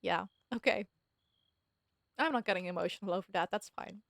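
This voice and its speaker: A young woman streamer chatting through a story game, reacting out loud and often stopping partway through her sentences. Her voice sits in an ordinary middle register, and the close, dry recording has almost no room sound. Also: mid-range voice, moderate pace, gravelly, no echo. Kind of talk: live-stream game commentary.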